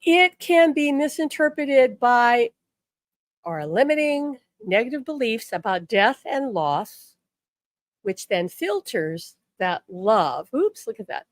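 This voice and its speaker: Earnest, emphatic woman with a higher voice. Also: big pitch swings, takes it slowly, no room sound, clean studio sound. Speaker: spiritual teacher. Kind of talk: direct-to-camera teaching talk.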